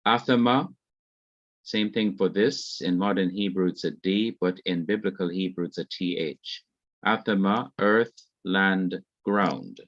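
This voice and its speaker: Slow, methodical Jamaican male teacher. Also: low-pitched, no echo. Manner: slow, methodical, spells out terms. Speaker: Hebrew teacher. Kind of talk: classroom lecture. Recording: dull lo-fi, dry close sound.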